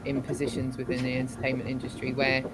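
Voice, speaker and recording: Very low-voiced woman over loud noise. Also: completely flat delivery. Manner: hedging, restarting, halting delivery. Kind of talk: casual chat over a call. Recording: loud background noise on the line.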